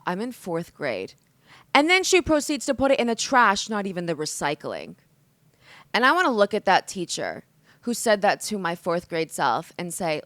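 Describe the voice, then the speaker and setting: A woman's voice: mid-range voice, no room sound. A woman in her twenties, from the United States, hosting her own podcast in a candid, emotional solo monologue, swearing freely and saying "like" a lot. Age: 20s. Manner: candid, expressive, swears often, says "like" a lot. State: emotional, hungover. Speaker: podcast host.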